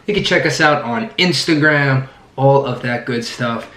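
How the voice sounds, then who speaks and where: Hoarse dude hosting his fan channel, mid pitch, keeps restarting sentences, roomy echo. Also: a little slow. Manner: rambling, excited, restarts sentences often. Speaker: sports fan channel host. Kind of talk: casual sports vlog commentary. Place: indoor room, sitting down.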